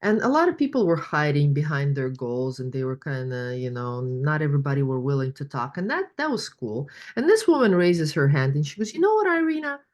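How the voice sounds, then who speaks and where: A woman with a notably low voice leads a workshop over a video call. She talks in an encouraging, storytelling way and uses plenty of fillers as she goes. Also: sing-song, fairly quick, hardly any pauses, a little mellow. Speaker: money coach. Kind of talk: online workshop presentation.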